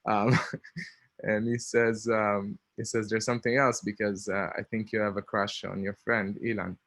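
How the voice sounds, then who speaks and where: Man, Israeli accent, thirties, low-ish voice, dry close sound, chatty storytelling, lots of ums. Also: little pitch movement, a little slow, a bit bright, dry recording. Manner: chatty, many ums, laughs between lines. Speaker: speaker. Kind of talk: personal storytelling.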